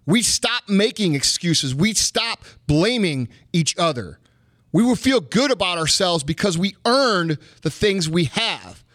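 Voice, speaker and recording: A man's voice: high voice, sing-song, measured pace, fairly bright tone, no echo, clean studio sound. Fired-up profane male podcast host. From United States. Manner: profane, emphatic, punchy repetition. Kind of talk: fired-up motivational rant.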